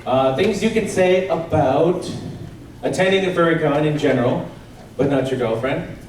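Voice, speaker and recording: A man from Canada doing a stand-up comedy set, animated and self-deprecating, often breaking into laughs. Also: on the high side, moderate pace. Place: large convention hall. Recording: echoey convention hall from far off, crowd noise.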